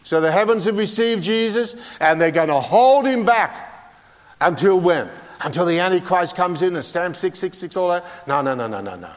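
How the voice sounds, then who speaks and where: Older male preacher, high voice, joking and questioning the congregation, big reverberant hall. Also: expressive, moderate pace. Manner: folksy, humorous, asks the congregation questions. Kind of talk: sermon.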